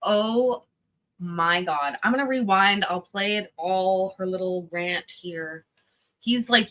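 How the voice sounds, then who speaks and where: A woman's voice: mid-range voice, slow, fairly bright tone. A woman commenting on a court clip, talking bluntly and with profanity. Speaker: commentator reacting to court testimony. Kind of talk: reaction commentary.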